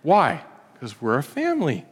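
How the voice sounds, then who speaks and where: Male preacher, casual and playful delivery, higher voice, echoey church hall. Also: wildly swooping pitch, normal speed, slightly rough. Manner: conversational, joking, acts out little scenes. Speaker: pastor. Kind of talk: sermon.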